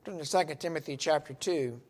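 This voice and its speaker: A man's voice: fairly high pitch, a little fast, darkish tone. A man teaching a Bible study, earnest and emphatic, stressing key words as he reads verses aloud.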